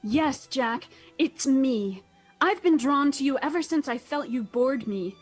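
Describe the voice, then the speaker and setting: A woman's voice: sits high, lively intonation, unhurried, soft background music. A woman voicing a lovesick giant ocean liner. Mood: tender.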